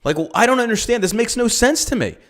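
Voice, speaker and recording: A man's voice: extremely high pitch, animated, fast, a bit bright. A male podcast host and business owner ranting about politics, swearing freely and firing off rhetorical questions. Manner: profane, heated, rhetorical questions. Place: lives in Texas.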